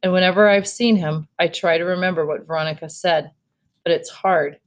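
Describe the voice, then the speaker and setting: A woman reading a children's novel aloud in an even, steady way as host of a read-aloud series. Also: lowish voice, brisk.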